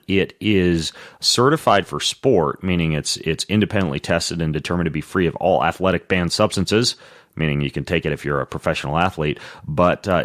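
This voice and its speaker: A man with a very low voice hosts a podcast, running through his intro and sponsor reads with quick, energetic delivery. His speech sounds a little altered from new dental veneers. The recording is dry and close, with no room sound. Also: dry recording. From Washington state, US. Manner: energetic, rapid-fire delivery. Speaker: podcast host.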